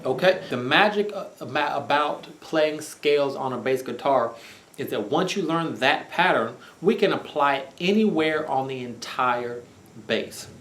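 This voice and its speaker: A man teaching bass guitar, patiently counting out scale tones as he plays. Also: animated, a little slow, a bit bright, a little hiss or hum. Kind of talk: instructional lesson. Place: room with bass guitar playing. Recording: roomy echo with bass guitar playing.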